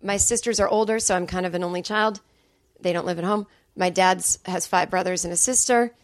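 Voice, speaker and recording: A woman's voice: lowish voice, fairly even intonation, brisk, no room sound, studio quality. A middle-aged woman, a comedian guest on a podcast, telling a personal story candidly and swearing freely. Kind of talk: casual chat.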